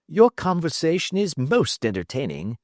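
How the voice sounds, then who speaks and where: A man voicing a calm, witty detective who answers threats with bland, quiet irony. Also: fairly high pitch, moderate pace, dry recording, studio quality, pitched above the performer's own voice. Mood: ironic. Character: calm, witty male detective, cool and imperturbable.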